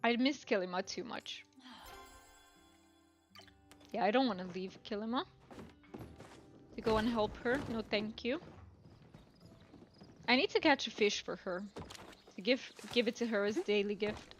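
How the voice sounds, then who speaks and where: A woman's voice: on the high side, a little slow, pauses often. Woman, game streamer, casual musing commentary, faint background music. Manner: chatty, musing aloud to chat.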